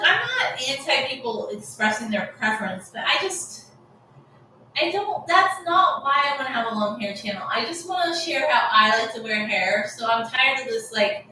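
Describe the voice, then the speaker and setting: A frank, rambling woman with a Californian accent, talking to camera in a casual hair vlog. Her voice is bright and fairly high, heard from a little way off in a very echoey room. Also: slight background noise. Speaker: long hair vlogger. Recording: echoey room, mic at a distance.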